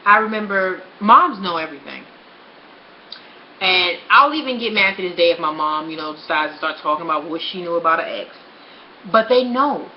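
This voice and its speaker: A woman's voice: fairly low pitch, lively intonation, normal speed, slight background noise. A young woman talking frankly and bluntly in a casual personal vlog, swearing freely. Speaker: vlogger. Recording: roomy, slightly dull home recording.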